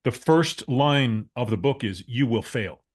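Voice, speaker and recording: A male interview host speaks at a mid pitch in a casual, conversational way. He often stalls and repeats words while working out what to say. He responds warmly to the story he just heard. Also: expressive. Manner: halting, repeats words while gathering thoughts. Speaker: podcast host.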